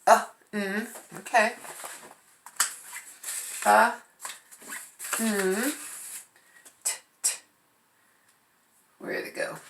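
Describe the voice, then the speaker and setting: A woman's voice: mid-range voice, fairly even intonation, very slow, vocal fry, pauses often, a bit bright, a little hiss or hum. A woman teaching first graders phonics, patiently sounding out letters and syllables. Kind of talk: remote phonics lesson. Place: home. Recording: echoey room.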